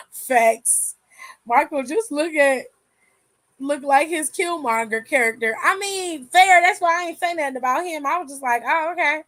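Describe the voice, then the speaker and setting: High-voiced swearing woman host. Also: a little slow, a bit bright, no echo. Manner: candid, swears freely, laughs often. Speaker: aftershow host reading chat. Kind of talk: casual livestream chat.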